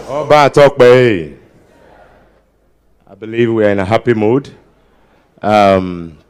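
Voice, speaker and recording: Before the audience at a big ceremony, a Nigerian-accented man does stand-up, trading banter with the crowd, switching into pidgin and erupting in sudden loud outbursts. He speaks at a fairly low pitch.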